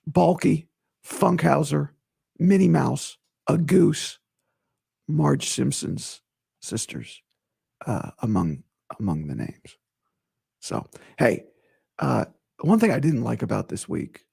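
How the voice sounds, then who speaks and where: Raspy animated male podcast host. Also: on the high side. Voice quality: raspy, gravelly. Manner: animated, emphatic, repeats himself. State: strained, recovering voice. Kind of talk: casual solo podcast talk.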